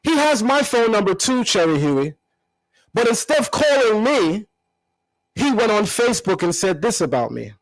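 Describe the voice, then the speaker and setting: A man hosting his own channel, talking back at a critic in an animated, combative commentary with emphatic repetition. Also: high voice, normal speed, no room sound, low-quality recording. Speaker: channel host. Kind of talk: confrontational commentary vlog.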